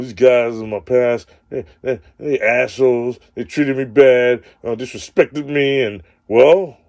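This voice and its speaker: A man's voice: a little high, a little mellow, husky, no room sound, clean studio sound. A man hosting his own show, delivering a crude, repetitive comedic rant and ending lines with "man". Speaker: show host. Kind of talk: profane comedic rant monologue.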